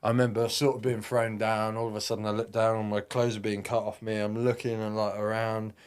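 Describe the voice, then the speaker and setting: A man's voice: lowish voice, flat delivery, brisk, clear, resonant tone. A man in his thirties, a podcast guest and army veteran, telling a rambling, vivid war story with plenty of swearing. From United Kingdom. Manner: acts out quotes in a raised voice.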